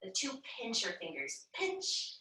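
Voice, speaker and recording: A woman leading a children's yoga class, talking slowly and gently and encouraging the kids with chants and animal sounds. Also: a little high, huge pitch swings. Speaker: kids' yoga teacher. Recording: echoey room, mic far off.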